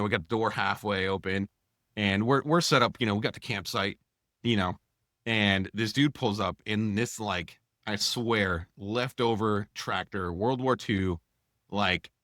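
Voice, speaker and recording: A man co-hosting a podcast, telling a long anecdote in a casual, animated way and acting out the dialogue, with many fillers. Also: on the low side, no room sound, studio quality. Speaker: podcast co-host. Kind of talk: casual storytelling.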